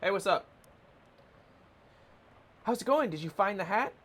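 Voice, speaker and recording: A man's voice: sits high, lively intonation, measured pace, a bit bright, pitched above the performer's own voice, heavily acted. A man voicing a chatty game character who patiently explains a strange machine. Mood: explaining.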